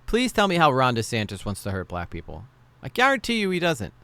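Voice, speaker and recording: A man giving mid-pitched, sarcastic commentary on a debate clip. His voice sounds close and dry, with next to no room sound. He mocks the speakers as he goes. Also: huge pitch swings, brisk, sharp tone, no echo. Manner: sarcastic, mocking asides with put-on impressions. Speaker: reaction video host.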